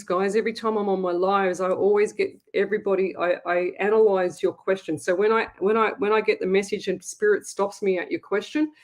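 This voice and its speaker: A woman with an Australian accent hosting a live psychic show, who reads out viewer questions and tells animated stories in a chatty way. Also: mid-range voice. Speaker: psychic medium host.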